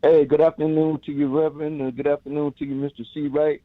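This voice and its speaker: A man's voice: a little high, little pitch movement, fast, no room sound. Man on a tinny phone line. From Chicago, US. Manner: earnest, direct, plain-spoken. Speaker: caller. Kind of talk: call-in political commentary.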